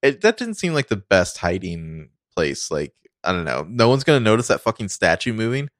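A man's voice: fairly low pitch, very animated, normal speed, dry recording, clean studio sound. A man co-hosting a podcast, chatting loosely about a film and swearing casually, with a lot of "like". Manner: loose and profane, heavy use of "like". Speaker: podcast co-host. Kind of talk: casual film review chat.

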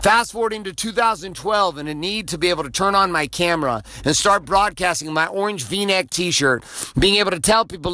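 A man's voice: high-pitched, brisk, pushed and bright, dry recording. A middle-aged man delivering an intense, preachy motivational podcast monologue, swearing freely.

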